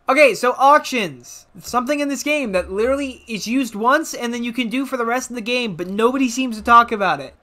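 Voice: mid-range voice, brisk, hardly any pauses, bright, forceful tone, soft background music. A let's play commentator giving casual gameplay commentary, rambling and self-mocking with jokey asides.

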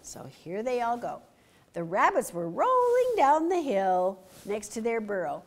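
A woman reading a picture book aloud to children, animated and stopping to ask them questions. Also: fairly high pitch, unhurried. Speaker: story time reader.

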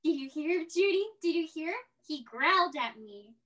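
An excitable young boy full of old-fashioned slang, played by a young actor in a high school stage play. His voice is very high, bright and animated, and he blurts out exclamations. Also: normal speed.

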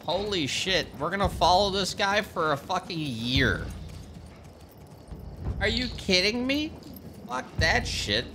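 A man's voice: high-pitched, slow, long pauses, background noise. A man streaming a strategy game live, ranting and swearing freely as he plays. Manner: profane, ranting, animated. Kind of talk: live gameplay commentary. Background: game music.

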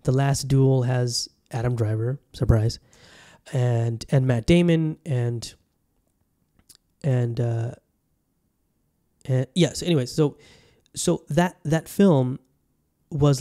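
This solo podcast chat from Bangkok features a male host whose medium-pitched voice has a dark tone. He rambles, frequently starting sentences over as he addresses his audience straight on.

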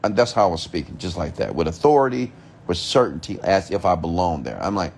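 With big swings in pitch and vocal fry, a man speaks fairly quickly in a low voice over a faint hiss or hum. As a motivational speaker, he rants emphatically, repeats himself, asks rhetorical questions, and curses casually.

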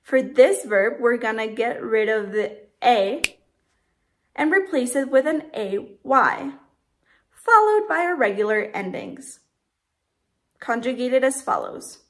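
Slow, careful woman teaching Spanish. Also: fairly high pitch, sing-song. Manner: slow, careful, spells out letters and conjugations. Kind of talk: scripted lesson narration.

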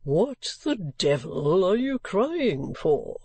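A woman reading an audiobook voices a blunt, grumbling older gentleman with a lowered, gruff voice. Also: sing-song, slow, no echo, full character voice.

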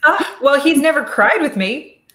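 A woman's voice: sits high, animated, moderate pace, pushed and bright, reverberant. A middle-aged woman, an audio studio founder, speaking casually and thoughtfully in a virtual talk over a video call. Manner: chatty, thoughtful, with frequent restarts.

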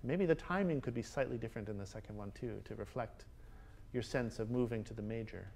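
A man teaching a master class, coaching players and singing rhythms out loud, often checking with a quick "yeah?". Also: medium pitch, gravelly. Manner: sings rhythms aloud, frequent checking "yeah?". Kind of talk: coaching musicians, singing phrases. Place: concert hall with instruments playing.

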